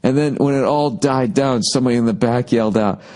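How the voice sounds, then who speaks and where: Speaking briskly in a mid-range, slightly mellow voice, a man rambles through road stories on his own podcast. It's a loose, profane monologue peppered with mocking impressions.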